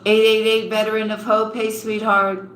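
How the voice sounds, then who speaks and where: A woman reading tarot on a live stream and warmly greeting viewers, calling them honey and sweetheart. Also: fairly high pitch, completely flat delivery, normal speed, slight background noise. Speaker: tarot reader. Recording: roomy echo with faint ambience.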